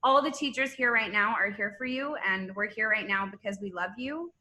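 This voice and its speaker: Bright-voiced teacher choking up. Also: female voice, mid-range voice, moderate pace. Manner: choked up, laughing through tears. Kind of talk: emotional farewell speech.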